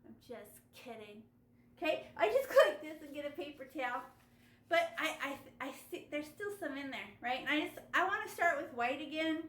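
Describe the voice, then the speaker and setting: A woman teaching children a step-by-step painting lesson over a video call, animated and coaxing. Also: high-pitched, fairly quick, roomy sound. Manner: animated, gasping with delight, coaxing young kids. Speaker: art teacher.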